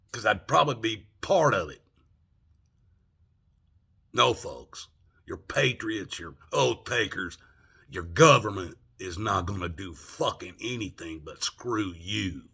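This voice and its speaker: A man's voice: fairly low pitch, gravelly, bright, forceful tone, breathy edge. An older man ranting angrily from home, profane and indignant, firing off rhetorical questions. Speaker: vlogger. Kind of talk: angry political rant.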